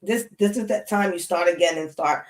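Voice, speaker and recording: Slangy, animated woman astrology streamer. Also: fairly low pitch, moderate pace, low-quality recording. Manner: animated, slangy, talks straight to the chat. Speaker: astrology live-stream host. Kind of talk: casual live-stream chat.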